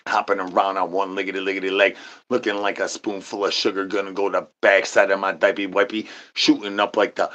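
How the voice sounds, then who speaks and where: A man's voice: sits low, level tone, fairly quick, fairly bright tone. A man livestreaming, rambling nonsense to his chat in a sing-song patter, repeating rhyming filler syllables and catchphrases.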